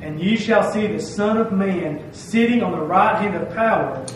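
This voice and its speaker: A man's voice: sits high, moderate pace, slight background noise. A man preaching a sermon with emphasis, stressing his phrases and asking "okay?" to check that he is followed. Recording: very echoey room, heard from a distance.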